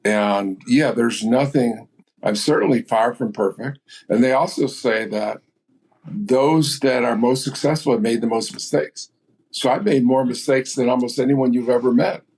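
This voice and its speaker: Here's a septuagenarian entrepreneur guesting on a podcast, his voice medium in pitch, a little mellow, with a breathy edge and a normal pace. His storytelling is direct and matter-of-fact, without softening.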